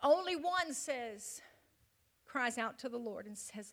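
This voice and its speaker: Woman, sermon, slow deliberate delivery, high voice, dramatic loud-to-whisper swings. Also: expressive. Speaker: preacher.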